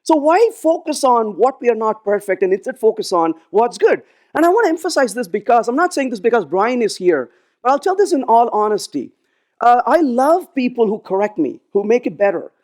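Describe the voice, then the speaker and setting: This keynote speaker has a very high-pitched voice and talks a little fast from the conference stage. He's animated as he tells stories, performing the lines of the people in them.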